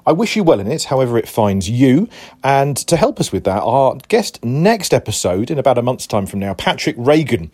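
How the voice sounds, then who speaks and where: A man in his forties hosting a podcast, reflective and rambling, with halting restarts. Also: medium pitch, darkish tone. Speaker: podcast host. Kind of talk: casual chat.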